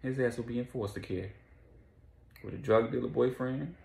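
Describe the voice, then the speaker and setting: Man putting on a cruel woman kidnapper, raised pitch, threatening, cursing, roomy echo. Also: moderate pace, gravelly, dark tone, natural voice. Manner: threatening, profane. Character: ruthless young woman kidnapper, cold and taunting.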